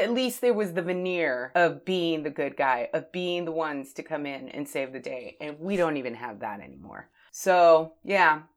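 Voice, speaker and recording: A woman from the United States hosting a podcast, speaking in a candid, opinionated casual monologue that swings from fired-up to soft. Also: on the low side. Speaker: podcast host.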